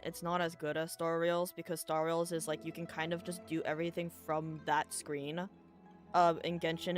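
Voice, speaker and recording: A woman streamer giving rambling, casual commentary as she plays, thinking aloud and swearing often. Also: lowish voice. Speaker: game streamer. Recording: streamer mic with loud game music.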